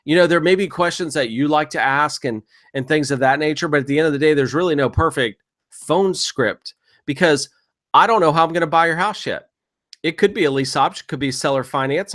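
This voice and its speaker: In a relaxed screen-share lesson, a mid-range-voiced man demonstrates real estate software and guides viewers through practice phone calls.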